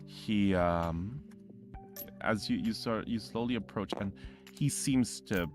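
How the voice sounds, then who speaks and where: A male game master narrating a tabletop role-playing scene in a deep, low voice. He talks slowly and rambles, correcting himself often, while soft music plays behind him. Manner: rambling, filler-heavy, self-correcting.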